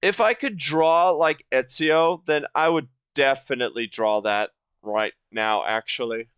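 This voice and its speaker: Young man, twenties, gaming commentary, rambling, halting, many fillers, slow, dry recording. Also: medium pitch, fairly bright tone, clear, resonant tone, dry recording. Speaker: gaming video host. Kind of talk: casual let's-play commentary.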